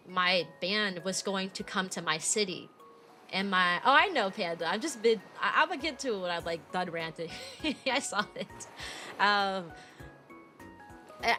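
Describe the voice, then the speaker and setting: A woman in her twenties tells a story on her stream in a casual, rambling way, packed with fillers. She sounds indignant as she retells it, with music playing clearly behind her. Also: mid-range voice, bright, forceful tone. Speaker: VTuber streamer.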